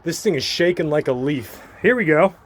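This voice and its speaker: A man vlogging as he climbs a tall outdoor tower, out of breath, chatty and excited, recorded on a handheld phone. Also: a little high, normal speed, a little hiss or hum. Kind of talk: casual narration while climbing. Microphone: handheld phone camera.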